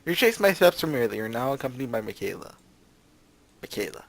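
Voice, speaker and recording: A man's voice: mid-range voice, sing-song, fairly quick, gravelly, fairly bright tone, no room sound. A man hosting a let's play, reading a visual novel aloud and breaking off for sarcastic, jokey asides. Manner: sarcastic, jokey asides between read lines.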